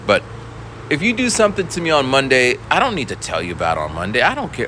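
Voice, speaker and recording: A man's voice: medium pitch, wildly swooping pitch, fast, pushed and bright, a little hiss or hum, low-quality recording. A young male schoolteacher telling a story in a laid-back, rambling way, full of fillers. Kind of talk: casual storytelling vlog.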